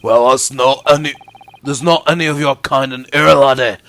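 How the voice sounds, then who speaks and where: Brief: a man playing a blustering prison governor, rough Scottish accent, menacing. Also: medium pitch, fairly even intonation, normal speed, a bit bright, a little hiss or hum, natural voice. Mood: gruff hostile. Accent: attempted Scottish. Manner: blustering, threatening. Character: gruff hostile male prison governor.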